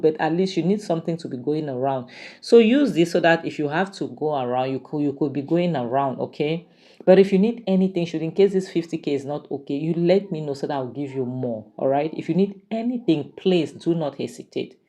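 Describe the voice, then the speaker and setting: A woman voicing a steady, generous man who speaks earnestly. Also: sits low.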